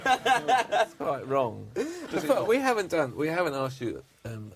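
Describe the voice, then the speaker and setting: A man's voice: a little high, big pitch swings, takes it slowly, noisy background. A man hosting a comedy panel show, with wry, bantering asides to his guests. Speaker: host.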